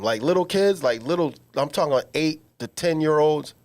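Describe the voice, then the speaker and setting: An animated man co-hosting a podcast, his voice sitting a bit high and swinging widely in pitch. He tells comedic stories in slangy, emphatic casual chat. He is recorded in a small studio. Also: normal speed, hardly any pauses. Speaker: podcast co-host.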